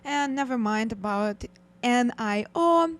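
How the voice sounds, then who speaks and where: A woman's voice: a little high, lively intonation, slow pace. Upbeat female trading co-host. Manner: upbeat, reads viewer messages. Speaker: co-host trader. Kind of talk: live trading show chat.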